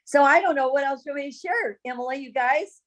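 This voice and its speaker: A woman's voice: high-pitched, fast talker, fairly bright tone. A woman casually telling a story about her business. She laughs often and acts out the voices of the people she quotes.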